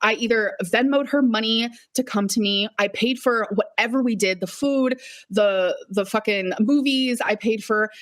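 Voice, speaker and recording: A woman's voice: fairly high pitch, moderate pace. A young woman vlogger ranting emotionally on a live stream, heated and swearing, repeating herself, shaky and upset.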